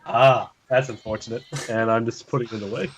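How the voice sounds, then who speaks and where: A man's voice: mid-range voice, steady tone, brisk, poor audio. A man playing a tabletop game, joking around in casual chat. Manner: playful, joking. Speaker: player.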